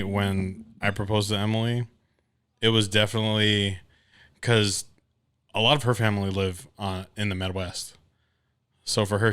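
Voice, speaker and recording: Low-voiced man telling a profane story. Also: smooth. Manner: profane animated storyteller, acts out others' voices. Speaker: podcast co-host. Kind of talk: casual podcast chat.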